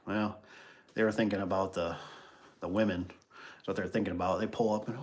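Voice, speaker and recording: Brief: tradesman hosting a loose livestream, deepish voice, rambling delivery full of fillers and restarts. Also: fairly even intonation, a little fast, long pauses. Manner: reads viewer comments aloud and riffs on them. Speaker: garage door business owner hosting a livestream. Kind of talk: casual livestream chat and storytelling.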